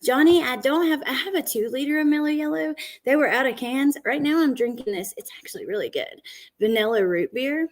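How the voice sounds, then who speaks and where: A woman's voice: sits high, lively intonation, brisk. Woman, livestream host, casual chat, greets viewers, talks from home. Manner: chatty, greets viewers by name, many fillers. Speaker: true crime livestream host. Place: at home, indoors. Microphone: computer camera setup for a livestream.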